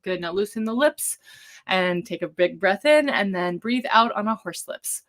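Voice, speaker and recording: A woman leading a live-streamed vocal warm-up as a voice coach, talking gently and encouragingly in a casual way, with some ums. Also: medium pitch, lively intonation, normal speed.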